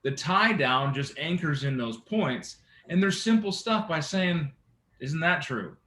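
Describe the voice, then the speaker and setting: A man coaching a sales team, his voice bright and a touch high. He talks in an animated way and keeps asking the room for agreement. The sound bounces around an echoey meeting room. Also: a little slow. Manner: animated, engaging, asks the room often. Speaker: real estate sales trainer. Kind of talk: sales training talk to a team.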